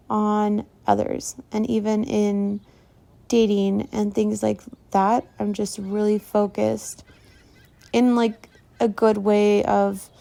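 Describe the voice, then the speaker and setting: Woman rambling on her vlog diary, mellow low-key voice, lots of fry, kinda stuffy nose. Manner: rambling, soft-spoken, trailing off with fillers. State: runny nose from allergies. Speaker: meditation vlogger. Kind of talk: casual diary-style vlog.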